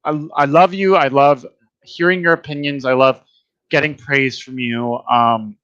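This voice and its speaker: Joking young host, muffled dry sound. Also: male voice, mid-range voice, fairly even intonation, measured pace, a bit bright, clean tone, no echo. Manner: joking, playful. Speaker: podcast host. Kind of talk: casual chat.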